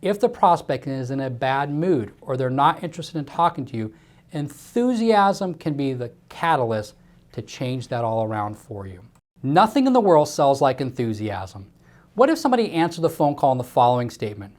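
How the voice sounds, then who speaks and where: A man's voice: mid-range voice, very animated, moderate pace, a little mellow. A male sales coach talks straight to his audience in an instructional style. He is emphatic and repeats himself to press each point home. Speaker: sales trainer. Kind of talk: instructional talk to camera.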